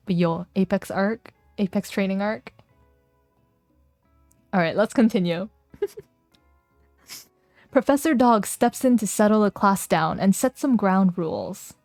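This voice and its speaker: A woman's voice: mid-range voice, lively intonation, slow, pauses often, darkish tone, no echo. A woman streamer chatting playfully and reading game text aloud, giggling often. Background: faint music.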